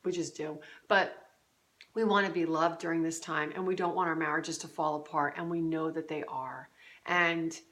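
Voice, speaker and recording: A woman's voice: low-pitched, steady tone, normal speed, fairly bright tone. A middle-aged woman giving earnest, conversational parenting advice straight to camera, with fillers and restarts. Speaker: parenting coach. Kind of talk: direct-to-camera advice talk.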